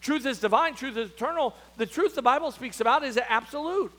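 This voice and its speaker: A man as pastor preaching a sermon, leaning hard on key words and dropping to quiet asides. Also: very high-pitched, fairly quick. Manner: emphatic preaching, stretches key words, drops to hushed asides.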